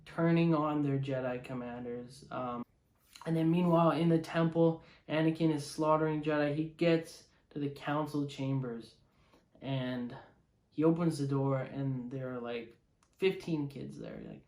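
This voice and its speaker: Excitable man reviewing a film casually, slightly high voice, echoey room. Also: measured pace. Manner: excitable, emotional, lots of fillers.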